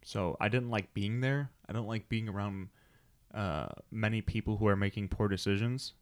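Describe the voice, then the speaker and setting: A man's voice: on the low side, fairly even intonation, normal speed, smooth, dry recording. A man in his thirties co-hosting a podcast, rambling through a story and acting out what people said. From United States. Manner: rambling storyteller, acts out quotes. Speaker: podcast co-host. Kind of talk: casual chat.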